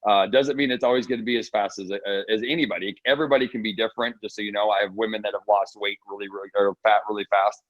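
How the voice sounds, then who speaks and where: A man's voice: fairly low pitch, fairly even intonation, quick pace, hardly any pauses, no room sound, highs cut off. A man on a video call, telling stories enthusiastically as a guest. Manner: enthusiastic storyteller. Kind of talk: casual talk on a video call.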